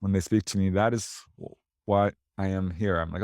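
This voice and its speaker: A man's voice: on the low side, normal speed, dry recording. Dry, close-miked man telling stories. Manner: animated, anecdotal, laughs between lines. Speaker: paranormal investigator, interview guest. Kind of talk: casual interview storytelling.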